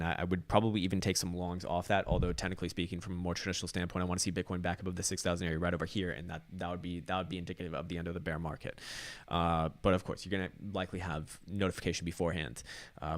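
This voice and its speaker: A man with a deep, low voice talks through market charts at a brisk clip. He rambles, swears casually and stumbles over restarts and fillers. The sound is dry and close, with no room around it. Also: dry recording. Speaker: crypto chart analyst. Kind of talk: casual market analysis commentary.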